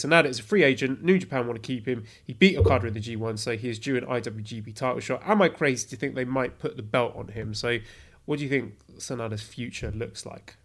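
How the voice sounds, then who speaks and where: A man's voice: mid-range voice, a bit bright. Man reading listener questions. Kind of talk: casual interview questions.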